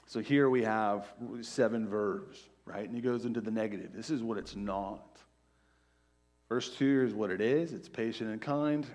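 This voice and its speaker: A middle-aged male pastor preaching a conversational sermon, peppered with "right?" asides and dropping to a soft hush on key phrases. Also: fairly low pitch. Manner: drops to quiet, soft emphasis on key phrases.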